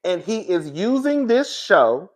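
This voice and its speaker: A man with a fairly high voice, giving a loose, candid commentary straight to his viewers. He swears freely and rambles, restarting sentences and drifting into asides before circling back to his point. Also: big pitch swings, takes it slowly. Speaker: reality TV commentator. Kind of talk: casual commentary vlog.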